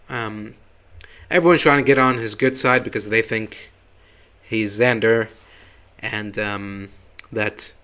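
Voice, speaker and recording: A man's voice: on the low side, bright, forceful tone. A man casually recapping a TV episode, hesitant with many ums and wry asides. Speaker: TV reviewer.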